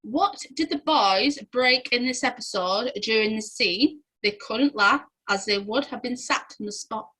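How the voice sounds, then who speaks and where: Giggly young Englishwoman, a bit higher voice, quiz host reading answers off casually. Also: unhurried, hardly any pauses, pushed and bright, poor audio. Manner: giggly, chatty, often breaks into laughter.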